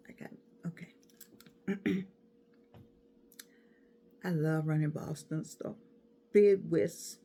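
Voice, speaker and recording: A woman in her sixties giving a casual motivational talk. She is animated, repeats her words and bursts into laughter, and she mentions a toothache. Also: deep voice, extremely slow, long pauses. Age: 60s. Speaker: speaker addressing an audience.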